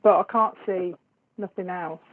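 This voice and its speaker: A woman's voice: on the low side, fairly even intonation, normal speed. A woman, a psychic medium hosting a live stream, chatting casually with viewers and laughing often between remarks. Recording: tinny phone-like sound.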